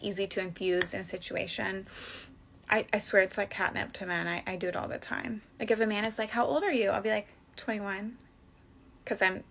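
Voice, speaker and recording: A woman's voice: mid-range voice, fairly bright tone. A woman giving playful dating tips in a chatty way, with many fillers, in a played clip. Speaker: dating advice creator. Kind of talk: casual advice clip.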